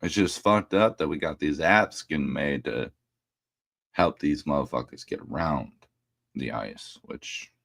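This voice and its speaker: A man's voice: very deep voice, a little slow, gravelly, fairly bright tone, no room sound, studio quality. A man hosting a casual livestream, talking bluntly and ranting with plenty of profanity. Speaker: livestream host.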